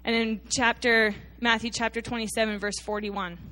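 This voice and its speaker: A woman preaches to her congregation, her voice sitting a little higher than most. She retells scripture in an emphatic storytelling way, sometimes sinking into quiet, intense delivery. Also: flat delivery, moderate pace. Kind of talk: sermon.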